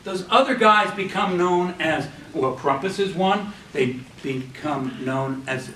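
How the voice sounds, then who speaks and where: A man's voice: a little high, slow pace, sharp tone, recorded from a distance, slight background noise. Lecturing man in a roomy hall. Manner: rambling with frequent ums and restarts. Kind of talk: classroom lecture with storytelling.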